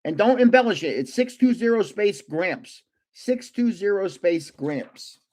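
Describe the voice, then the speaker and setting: An older man hosts a relaxed live stream, joking and naming cards as he goes. His voice sits a bit high and swings up and down with lots of life. He takes an easy, slow pace. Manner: jokey, chatty, guesses card names aloud. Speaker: livestream host opening trading cards. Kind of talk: casual live-stream chat.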